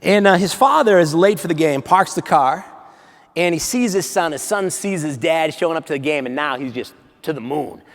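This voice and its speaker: A man with a fairly high voice delivers a playful, lively motivational keynote and keeps drawing the audience in. His voice carries a long reverb from a large conference hall. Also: moderate pace. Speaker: keynote speaker.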